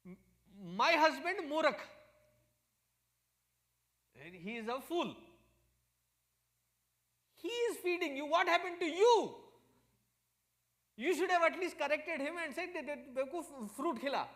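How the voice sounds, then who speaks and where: Man putting on a shrill scolding Indian wife. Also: expressive, quick pace, few pauses, dark tone, big-room sound. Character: scolding devoted middle-aged housewife.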